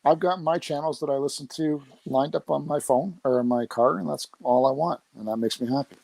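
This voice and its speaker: A man's voice: a little high, fairly quick, creaky, darkish tone, no echo. A man co-hosting a podcast, talking bluntly and getting defensive, with the odd swear. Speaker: podcast co-host. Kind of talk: casual chat.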